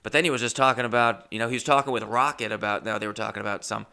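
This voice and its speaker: A male comedian telling a story with profane, animated anecdote-telling. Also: lowish voice, racing.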